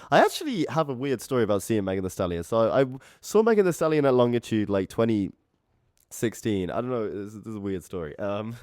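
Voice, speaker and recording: Fast-talking young man. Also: on the low side, darkish tone, no room sound, studio quality. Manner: quick, easygoing, lots of fillers and laughs. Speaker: podcast co-host. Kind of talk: casual chat.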